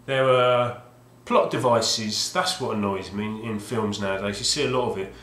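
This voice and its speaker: A man's voice: lowish voice, normal speed, a bit bright. A man vlogging about his video game finds, rambling hesitantly with wry asides and frequent restarts. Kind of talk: rambling casual monologue. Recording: roomy echoey home recording.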